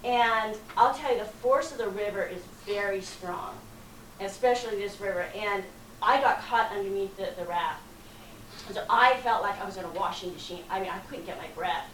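A woman telling a personal story to an audience in a dramatic, lively way, acting out the people in it. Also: mid-range voice, moderate pace. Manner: dramatic, lively retelling with acted quotes. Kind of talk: animated storytelling talk. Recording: roomy, from far off, faint noise.

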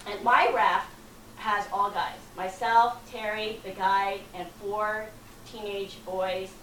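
A woman telling a personal story to an audience in a dramatic, lively way, acting out the people in it. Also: mid-range voice, slow pace. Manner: dramatic, lively retelling with acted quotes. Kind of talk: animated storytelling talk. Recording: roomy, from far off, faint noise.

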